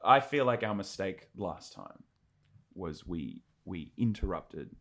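A man's voice: low voice, very animated, slow. A young man co-hosting a podcast in casual banter, who swears freely and acts out his anecdotes with voices. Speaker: podcast co-host.

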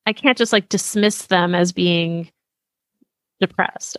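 A woman's voice: fairly low pitch, slow, no room sound. A woman being interviewed as a memoir author, speaking reflectively and casually with lots of "like". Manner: reflective, casual, uses "like" often.

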